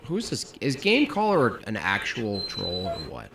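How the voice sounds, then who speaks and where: Man, guest streamer; low but lively voice, deadpan quips, noisy remote audio. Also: unhurried, vocal fry. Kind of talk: casual livestream chat.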